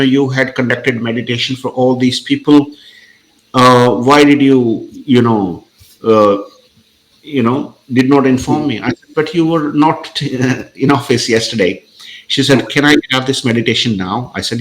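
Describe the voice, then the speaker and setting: A man's voice: medium pitch, a bit bright, poor audio. A man, a podcast guest telling a story in a hesitant, conversational way with many fillers.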